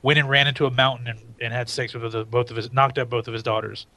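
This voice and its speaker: A man's voice: mid-range voice, level tone, fast, bright, forceful tone. Wisecracking man in his thirties. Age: 30s. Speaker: podcast co-host. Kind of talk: casual chat.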